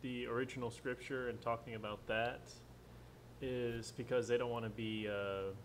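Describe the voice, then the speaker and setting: A man's voice: mid-range voice, steady tone, normal speed. Hesitant man making a point. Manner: hesitant, lots of ums. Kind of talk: casual panel chat over dinner. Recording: faint room noise, live stream.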